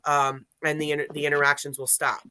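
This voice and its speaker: Bright, rambling paranormal storyteller. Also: medium pitch, monotone, fast talker, clean tone, no echo. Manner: rambling, self-correcting storyteller. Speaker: paranormal investigator. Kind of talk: casual live-stream chat.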